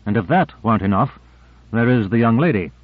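A man's voice: medium pitch, animated, a little fast, no echo, phone-quality sound, lightly acted. Male reader playing sardonic probing man, sly, dry phone-thin audio.

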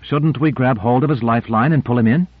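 Anxious young woman read by a male narrator, higher voice, dry lo-fi tape. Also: fairly quick, no echo, lightly acted. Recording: narrow-band dry tape recording.

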